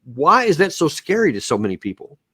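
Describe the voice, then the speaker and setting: Guy hosting a political talk show, halting and rambly, dry mic sound. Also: a little high, big pitch swings, pushed and bright, husky, no echo. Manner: rambling, halting, lots of fillers, gets worked up. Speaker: host.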